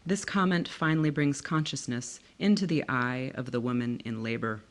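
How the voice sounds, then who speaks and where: A woman author reading from her own novel in a measured, expressive way. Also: low-pitched.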